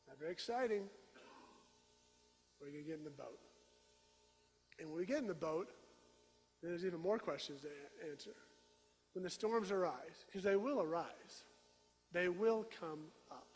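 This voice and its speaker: A middle-aged male pastor preaching a sermon, telling stories with animated swings from loud to hushed. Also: high-pitched, moderate pace, pauses often. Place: church sanctuary. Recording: reverberant church sanctuary.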